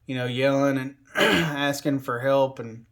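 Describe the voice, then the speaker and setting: A man's voice: mid-range voice, a little slow, fairly bright tone. A man casually telling a personal story in a rambling, conversational way, full of fillers like "you know" and "like.".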